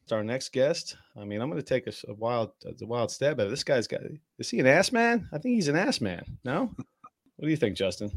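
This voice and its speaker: A man co-hosting a casual podcast, loud and hyped up, throwing in profane exclamations. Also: medium pitch, big pitch swings, brisk, dry recording. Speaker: podcast co-host.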